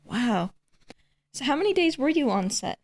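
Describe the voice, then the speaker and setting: A woman's voice: high voice, big pitch swings, normal speed. Woman hosting a film podcast. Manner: brief reactions and follow-up questions. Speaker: podcast host. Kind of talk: interviewing.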